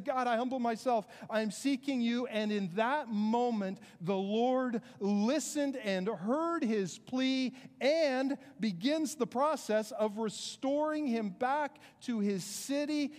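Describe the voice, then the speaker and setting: A man preaching a sermon as pastor, earnest and conversational, with quick asides to the congregation. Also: high voice, darkish tone, in a large hall.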